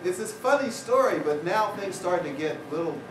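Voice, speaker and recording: A man's voice: sits high, expressive, normal speed. A man giving a public talk to an audience, telling humorous personal anecdotes with wry asides. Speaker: guest speaker. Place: university lecture hall with audience. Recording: roomy hall, distant mic, noisy.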